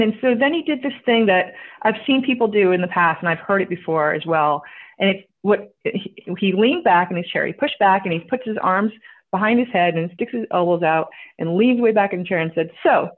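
A woman guest telling a story in casual chat, animated, acting out what people said and swearing casually. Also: mid-range voice. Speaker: guest entrepreneur. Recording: tinny phone-like line.

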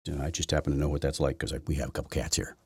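A man's voice: very deep voice, flat delivery, rapid-fire, breathy edge, no echo, studio quality. A middle-aged man hosting an opinion podcast, talking in a sarcastic, mocking way with many repeats and restarts. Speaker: podcast host. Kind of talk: opinion commentary monologue.

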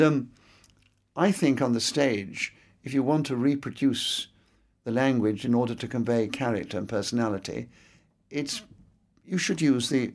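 Older man, precise diction, faint Scottish lilt. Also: mid-range voice. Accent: faint Scottish inflection in educated English. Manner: articulate, precise diction, anecdotal. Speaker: interviewee, veteran entertainer. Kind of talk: reflective conversational interview.

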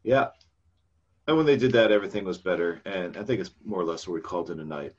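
Low, husky man recapping in casual chat. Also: fast talker, darkish tone, dull audio. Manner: rambling, trailing off into fillers. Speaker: podcast co-host recapping a game session.

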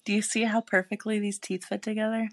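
A woman's voice: medium pitch, level tone, a little fast, no room sound. A woman co-hosting a casual podcast chat, blunt and swearing freely, laughing often. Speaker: podcast co-host; married mother.

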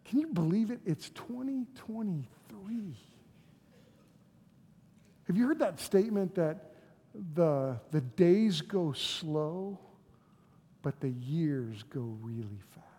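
A pastor preaching a sermon and giving an altar invitation, swinging from loud pleading to hushed, near-whispered lines. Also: mid-range voice, lively intonation, takes it slowly, pauses often, a little hiss or hum. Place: church sanctuary with live congregation. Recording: long hall reverb with faint music.

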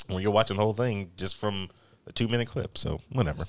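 A man's voice: lowish voice, quick pace. A man hosting a podcast, chatting casually and laughing often as he tells a story. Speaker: podcast host. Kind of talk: casual chat.

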